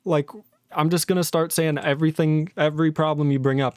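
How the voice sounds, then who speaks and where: A man's voice: fairly high pitch, steady tone, brisk, clean tone, dry recording, studio quality. Exasperated swearing man ranting on stream. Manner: exasperated, sarcastic, swears often, mocks others in put-on voices. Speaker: livestreaming programmer. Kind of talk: ranting casual stream talk.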